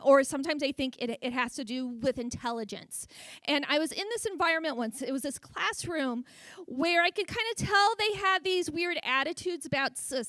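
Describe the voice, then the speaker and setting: Woman, stutters on first sounds, high voice, dry close sound, public speech. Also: bright, forceful tone, no room sound. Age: 40s. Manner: speaks with a stutter, frequent sound repetitions. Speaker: speaker at a luncheon. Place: event hall with audience.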